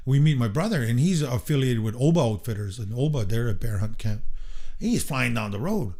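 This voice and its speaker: Animated storytelling man. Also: mid-range voice, a little fast. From Canada. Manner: animated, acts out quoted voices, swears casually. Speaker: podcast guest. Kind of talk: casual storytelling in conversation.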